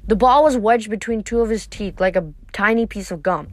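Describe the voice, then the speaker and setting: A woman's voice: mid-range voice, fairly quick, dry recording. A woman reading a novel aloud, sometimes stumbling and restarting a word. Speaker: reader.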